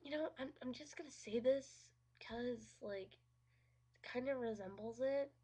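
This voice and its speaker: A woman's voice: fairly high pitch, a little slow, mellow, husky. A woman giving a casual, sarcastic movie review, swearing freely and saying "like" constantly. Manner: sarcastic and profane, heavy use of "like".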